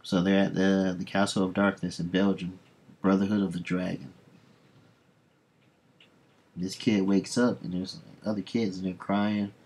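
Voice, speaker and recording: Deep husky man reacting to comics. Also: little pitch movement, measured pace, long pauses, darkish tone. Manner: blunt, swears in reaction. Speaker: comic book reader host. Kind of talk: reading comics aloud with commentary.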